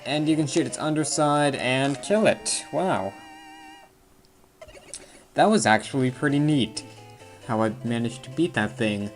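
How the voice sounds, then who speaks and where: Speaking a little slowly and pausing often, this man has a mid-range voice and does let's play commentary. Over faint game music, he gives rambling, casual remarks about his video game, full of self-deprecating jokes and asides.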